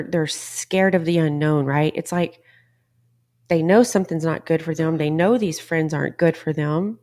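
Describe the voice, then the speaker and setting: A woman's voice: fairly low pitch, a little mellow. A middle-aged woman hosting a podcast, giving a blunt, emphatic motivational monologue and swearing casually. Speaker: podcast host.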